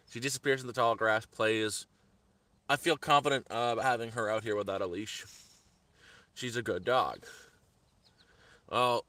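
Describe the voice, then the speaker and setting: A man's voice: fairly low pitch, pushed and bright, no echo. A man on a live stream outdoors in the woods, telling a heated story in repetitive bursts. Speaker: vlogger. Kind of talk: angry live-stream rant.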